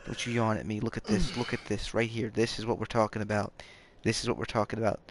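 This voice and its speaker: Gravelly goofy gamer man. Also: lowish voice, level tone, quick pace, a little hiss or hum. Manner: rambling, goofy, playfully self-mocking. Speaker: game streamer. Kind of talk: hushed late-night gaming chatter. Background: game music.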